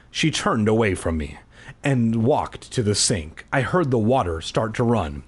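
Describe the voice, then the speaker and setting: A man hosting a read-aloud podcast, narrating with a husky, slightly breathy voice. His pitch leaps up and down as he plays up the drama. He keeps breaking off into crude throwaway jokes. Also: very animated, a little slow. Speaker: podcast host reading a children's horror book aloud. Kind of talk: comedic read-aloud with jokey asides.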